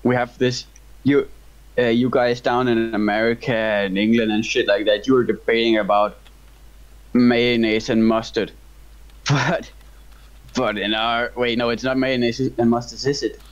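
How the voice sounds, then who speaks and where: A young man from Denmark with a Danish accent, chatting and laughing excitably while playing a co-op game with a friend. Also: mid-range voice, measured pace, highs cut off. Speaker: gamer playing co-op. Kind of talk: casual gaming chat.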